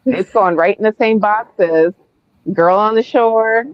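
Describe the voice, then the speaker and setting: A woman's voice: medium pitch, measured pace, no echo. Book club host, woman, blunt and profane, tinny dry call audio. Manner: blunt, profane and emphatic when ranting. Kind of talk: casual podcast discussion. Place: remote video call. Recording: tinny phone-like dry sound.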